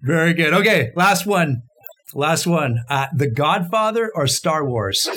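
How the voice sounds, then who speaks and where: A man co-hosting an interview show, playful and quick to laugh as he runs through light questions. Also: a little high, expressive, fairly bright tone. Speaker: co-host. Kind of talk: casual interview chat. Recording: noisy line with clicks.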